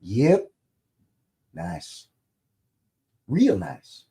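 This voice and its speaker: A man's voice: fairly high pitch, big pitch swings, drawn-out words, vocal fry, warm tone. A man hosting a live stream in a casual, rambling way, greeting viewers and reading their comments aloud with light jokes. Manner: jokey and informal, swears lightly. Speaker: livestream host.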